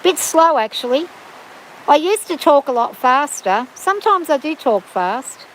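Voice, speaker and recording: A woman's voice: high voice, sing-song, measured pace, slight background noise, poor audio. Chatty Australian woman on her farm. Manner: rambling, chatty, easygoing. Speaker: farm livestreamer. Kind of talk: casual chat. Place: outdoors on a farm in the rain.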